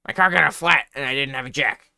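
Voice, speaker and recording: A man's voice: medium pitch, fast, creaky, bright, forceful tone, smooth, no echo, studio quality. A man voicing a cocky clueless teen delinquent. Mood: brash. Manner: brash and boastful.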